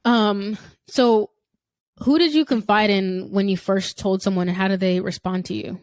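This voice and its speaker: A woman hosting a podcast talks at a middle pitch into a dry, close mic. She mostly offers short affirmations and then steers the talk with gentle follow-up questions. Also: fairly even intonation, moderate pace, no echo. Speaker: podcast host. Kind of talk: conversational podcast interview.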